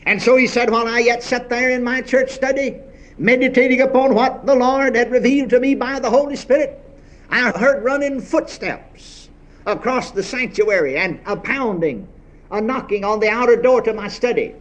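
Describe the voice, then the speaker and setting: Man, preacher, high voice, sermon, exhorting, rhetorical questions. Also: moderate pace, lo-fi sound.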